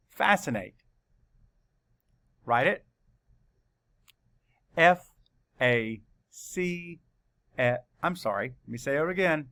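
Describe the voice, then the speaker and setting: Slow, bright-voiced male teacher dictating spelling. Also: a little high, animated. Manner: slow, deliberate letter-by-letter dictation. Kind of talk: spelling lesson for children.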